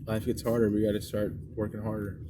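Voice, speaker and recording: A young man chatting as podcast co-host inside a moving car, telling animated, profane stories. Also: lowish voice, fast talker. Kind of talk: casual chat. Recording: loud car road noise.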